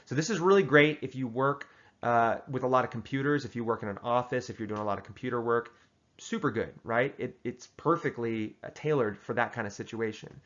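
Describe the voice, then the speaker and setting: A man hosts a loose, comedic advice monologue, offering tongue-in-cheek tips in a deadpan, mock-serious tone with lots of restarts. He speaks fairly quickly at a medium pitch, and the sound is lo-fi.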